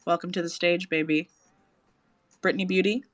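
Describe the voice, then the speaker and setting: Gushing animated man hosting a chat. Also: high voice, normal speed, no room sound, faint music behind. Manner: animated, gushing, swears freely. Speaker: host. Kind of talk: casual chat.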